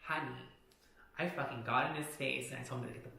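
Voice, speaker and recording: A young man recounts a personal story in a blunt, profane, candid way. His voice is gravelly and bright. The recording has a very roomy echo around it. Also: medium pitch, steady tone, fairly quick. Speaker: vlogger. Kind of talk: storytime vlog. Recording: very echoey room.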